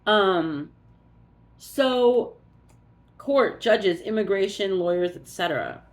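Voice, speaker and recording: Woman card reader, unhurried drawl, muses aloud as she reads; mid-pitched. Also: expressive. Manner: musing aloud, unhurried, thinking as she goes. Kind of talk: casual card reading.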